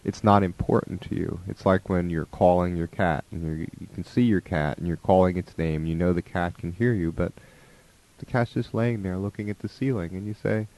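A man's voice: low-pitched, moderate pace, darkish tone. A man giving a conversational spiritual talk about relationships, slipping into the voices of the people in his stories. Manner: conversational, acts out quoted voices.

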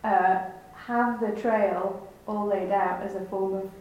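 A woman's voice: medium pitch, steady tone, slow pace, dull audio. A woman asking a teacher a personal spiritual question, earnest and self-reflective. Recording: echoey hall, faint noise.

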